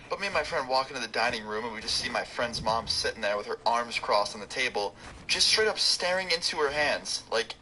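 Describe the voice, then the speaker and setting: Fast-talking young man telling a story. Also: lowish voice, poor audio. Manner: rambling, profane, filler-heavy with lots of "like". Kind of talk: casual storytime narration. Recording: loud background noise.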